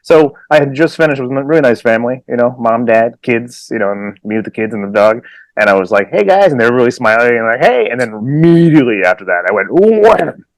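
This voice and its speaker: A man co-hosts a casual soccer podcast, telling stories with lots of laughter and quick silly impressions. His voice sits at an ordinary middle pitch. It's recorded dry and close, with no room sound at all. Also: dry recording. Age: adult with children. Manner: animated, laughs often, slips into silly voices. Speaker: podcast co-host. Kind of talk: casual chat.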